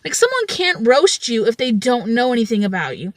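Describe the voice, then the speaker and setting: Loud, energetic woman in her twenties. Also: a little high, fairly quick, dry recording. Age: 20s. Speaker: vlogger. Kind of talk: storytime vlog.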